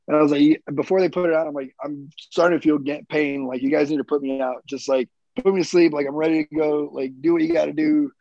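A man in his thirties with a gravelly, fry-edged voice talks through a personal story in loose, rambling fashion, swearing freely and padding with fillers. The sound is dry and a little dull, with a lo-fi edge. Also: on the high side, fairly even intonation, fast talker, hardly any pauses, darkish tone, dry recording. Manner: rambling, profane, many fillers. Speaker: military veteran guest.

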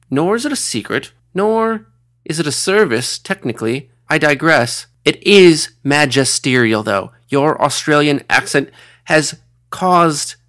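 A man's voice: mid-range voice, fairly bright tone. A man hosting a comedy sketch interview, speaking in a formal, pompous way with flowery phrasing. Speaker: host.

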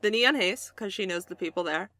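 A young woman playing a tabletop role-playing game, playful and excitable, often cutting in with jokes. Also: mid-range voice, brisk, dry recording. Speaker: player. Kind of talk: casual tabletop game play.

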